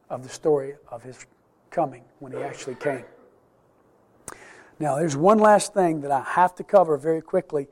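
A middle-aged man teaching a Sunday school class on the Bible, earnest and emphatic, slowing down to stress key words. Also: fairly high pitch, a little mellow.

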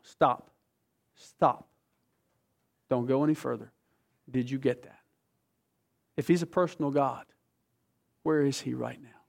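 A man preaching a sermon as pastor, swinging from loud emphatic bursts to slow, hushed, intimate reading of scripture. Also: mid-range voice, gravelly.

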